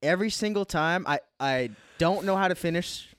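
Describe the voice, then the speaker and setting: A man's voice: high-pitched, normal speed, a bit bright, smooth, no echo, clean studio sound. A young man, a stand-up comedian, co-hosting a comedy podcast and joking and laughing easily in casual banter.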